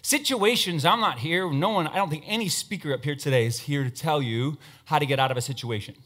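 A man's voice: fairly high pitch, a little fast. A man giving a humorous motivational talk on stage, joking with the audience and bringing up a volunteer. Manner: animated, joking, playful asides to the audience. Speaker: motivational speaker and magician. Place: stage before a live audience.

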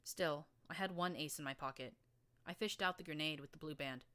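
A woman's voice: low voice, fairly quick, fairly bright tone, smooth. A woman narrating first-person action fiction in a vivid, dramatic storytelling manner. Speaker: audiobook narrator.

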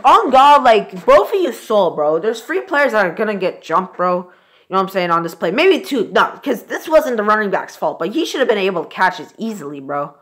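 A man's voice: high-pitched, big pitch swings, a little fast, a bit bright. A young man reacting live to a football game, swearing and exasperated, ending nearly every phrase with "bro". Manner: profane, exasperated, says "bro" constantly. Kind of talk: live sports reaction commentary.

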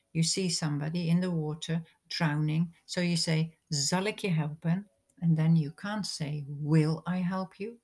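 A woman's voice: low-pitched, darkish tone, breathy edge. A woman, a teacher patiently explaining English grammar in a recorded lesson. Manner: slow, patient explaining with examples.

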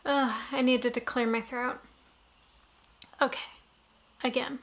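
A woman's voice: high voice, flat delivery, slow. A young adult woman vlogging casually, rambling and often correcting herself as she talks. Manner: rambling, self-correcting, chatty. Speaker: YouTube vlogger. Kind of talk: casual vlog bloopers.

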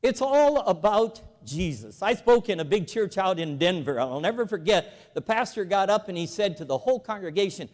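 A man with a high, lifted voice gives an evangelical convention address in a large auditorium. He tells folksy stories and makes emphatic calls to his audience. The long reverb of the hall trails after his words. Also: expressive, normal speed, hardly any pauses, darkish tone. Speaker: convention speaker, former bank president.

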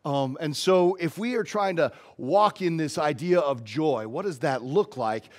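A man's voice: a little high, lively intonation, a little slow. A male pastor giving a casual, story-driven sermon in a church.

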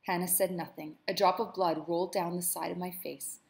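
A woman's voice: on the low side, fairly even intonation, brisk, hardly any pauses. Woman reading a novel aloud. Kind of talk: novel read-aloud with commentary.

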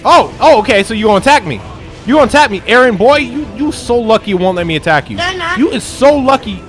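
An excitable young man narrates his gameplay, trash-talking the game and yelling at it. His voice sits high and swings widely up and down. Faint music plays under him. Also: quick pace. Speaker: gameplay YouTuber. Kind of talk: let's play commentary.

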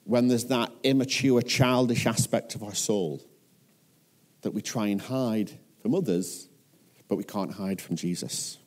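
A man's voice: fairly low pitch, measured pace. A man with a Northern English accent preaching a sermon as a pastor, earnest and often putting questions to his listeners.

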